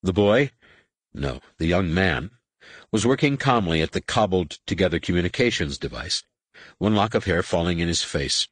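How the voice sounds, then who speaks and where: A man narrating an audiobook with an expressive, varied delivery. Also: deep voice, normal speed, no room sound. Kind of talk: scripted narration.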